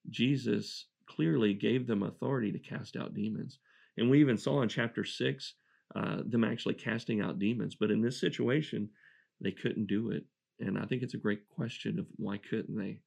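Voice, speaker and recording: A man's voice: on the low side, vocal fry, darkish tone. A man preaching a verse-by-verse Bible sermon, earnest and reflective, often restarting his phrases.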